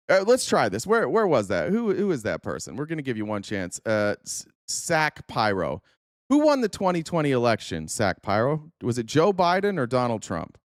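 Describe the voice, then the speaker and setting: Reacting to news on a live stream, a man with a slightly high voice heatedly and sarcastically scolds his chat, swearing freely throughout his rant. The sound is clean studio audio with no echo.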